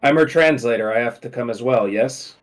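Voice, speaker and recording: Guy playing an earnest polite translator, keeps insisting, middle-pitched voice. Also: fairly quick, soft background music, close to an everyday voice. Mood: insistent. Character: earnest adventurer posing as a translator.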